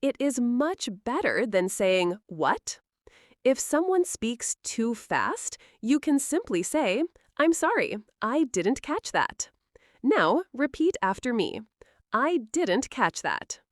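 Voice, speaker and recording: Slow, lively-voiced woman teaching English. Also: a little high, dry recording, clean studio sound. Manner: slow, clear, encouraging drill delivery. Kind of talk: scripted English lesson.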